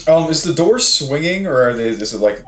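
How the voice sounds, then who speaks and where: A man playing a tabletop game, asking quick, hesitant questions. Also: on the high side, lively intonation, a crowd in the background. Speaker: player. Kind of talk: casual tabletop role-play. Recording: roomy, faint noise.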